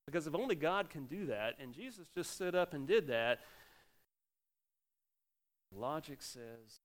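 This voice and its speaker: A middle-aged man, a pastor, giving a sermon in an animated preaching manner with sudden loud exclamations. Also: on the high side, measured pace, pauses often.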